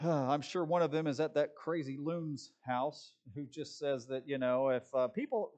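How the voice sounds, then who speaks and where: A man's voice: fairly high pitch, moderate pace, few pauses, darkish tone, highs cut off. A man preaching a sermon, emphatic and sarcastic in his asides. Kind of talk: sermon teaching.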